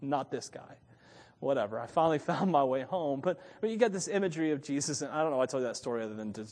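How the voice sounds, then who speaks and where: A man preaching a sermon in a chatty, animated storytelling way, often laughing at his own asides. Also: mid-range voice, fast talker, long reverb tail. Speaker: pastor.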